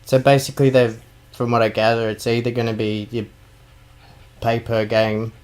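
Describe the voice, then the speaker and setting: A man with an Australian accent, co-hosting a casual podcast and telling stories in a sweary, animated way. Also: mid-range voice, moderate pace, clear, resonant tone. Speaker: podcast co-host. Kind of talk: casual chat.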